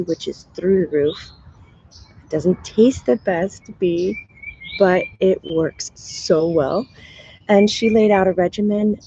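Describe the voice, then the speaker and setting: A woman's voice: fairly low pitch, warm tone, highs cut off, slight background noise. A woman hosting a live stream as a spiritual medium, chatting casually with viewers, sounding tired in her morning voice and laughing often.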